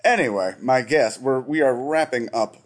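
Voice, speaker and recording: A male podcast host in casual chat, talking at a middling pitch. He jokes and rambles, catching and correcting himself as he goes, and a faint Southern lilt creeps in. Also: moderate pace. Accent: slips into Southern inflection. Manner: joking, rambling, self-correcting.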